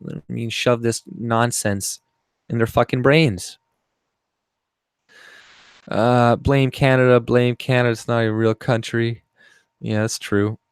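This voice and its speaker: A man's voice: mid-range voice, no echo, clean studio sound. A man hosting a casual livestream, ranting in a profane, mocking and heated way. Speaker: livestream host.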